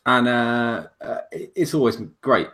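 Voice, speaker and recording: A man's voice: mid-range voice, unhurried, fairly bright tone. A man hosting a casual livestream chat, rambling and self-mocking, with lots of restarts. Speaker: host.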